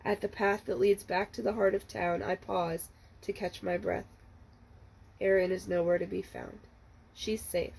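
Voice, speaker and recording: A woman librarian reading the first chapter of a novel aloud, in a steady, measured storytelling manner. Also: mid-range voice, gravelly, low-quality recording.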